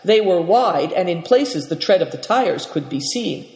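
Expressive storybook reader in an echoey room. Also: medium pitch, unhurried, hardly any pauses. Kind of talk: reading a children's novel aloud. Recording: echoey room with long reverb.

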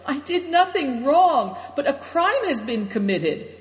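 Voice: mid-range voice, expressive, moderate pace, lightly acted. A reader voicing a wounded, distraught male soldier who speaks faintly and strains his voice. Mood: wailing. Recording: roomy echo with long reverb.

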